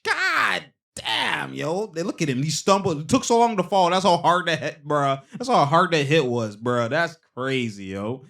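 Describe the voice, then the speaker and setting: A man hosting a casual basketball replay breakdown, excitable and slangy, breaking into laughter between remarks. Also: a little high, normal speed, hardly any pauses. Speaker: host.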